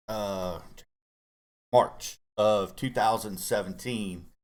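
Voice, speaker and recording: A middle-aged man with a voice sitting a little on the low side tells a personal story in casual conversation. He speaks earnestly and haltingly, restarting phrases as he opens up about hard feelings. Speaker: co-host guest dad.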